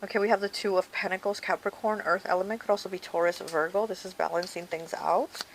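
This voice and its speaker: A woman with a fairly low voice gives a casual tarot reading to her viewers. She talks to them directly and chattily, dropping "okay" and "you know" as she goes. A steady hiss runs under the recording. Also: fast. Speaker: tarot reader.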